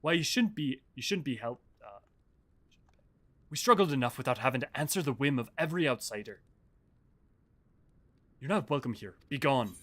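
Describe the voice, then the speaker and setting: A man voicing a gruff, wary male settlement leader in a game, in an attempted Yorkshire accent that slips toward Scottish. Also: mid-range voice, lively intonation, normal speed, long pauses, a bit bright. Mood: hostile. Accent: attempted Yorkshire, drifting Scottish. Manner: curt, unwelcoming.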